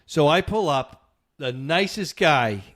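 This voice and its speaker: Speaking slowly in a voice on the high side, this middle-aged man co-hosts a podcast with casual chat, bringing his stories to life by performing each character's lines.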